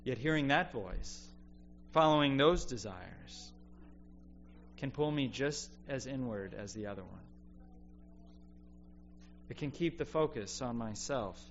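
A man preaching a sermon in an earnest, reflective way, often dropping quiet to make a point. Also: mid-range voice, lively intonation, takes it slowly, long pauses. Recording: dull lo-fi sound with faint hum.

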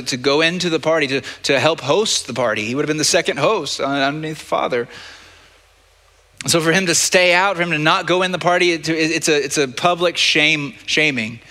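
A man's voice: fairly high pitch, bright, forceful tone. A male pastor preaching a sermon in a conversational way, often stumbling and repeating words. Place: church sanctuary. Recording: long reverb of a church hall.

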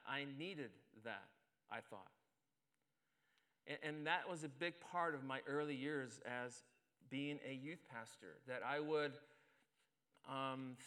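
A man's voice: fairly high pitch, bright, forceful tone, smooth. A middle-aged man, a pastor, preaching a sermon and telling a self-deprecating story in a conversational way at a church service.

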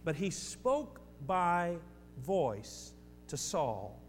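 A man's voice: high-pitched, expressive, takes it slowly. A male pastor delivering a sermon, preaching emphatically with repeated phrases and speaking directly to his congregation. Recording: long hall reverb with faint hum.

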